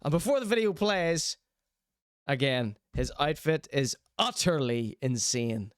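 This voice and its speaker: Male host, reaction show, teasing and chatty, higher smooth voice, dry close sound. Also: expressive, unhurried, dry recording. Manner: chatty, teasing, mock-concerned asides. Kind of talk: casual reaction commentary.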